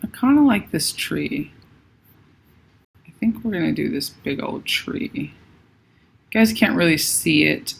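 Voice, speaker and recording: A woman's voice: lowish voice, a bit bright. A woman hosting a casual livestream while she paints, thinking aloud and greeting viewers by name. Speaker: livestream host.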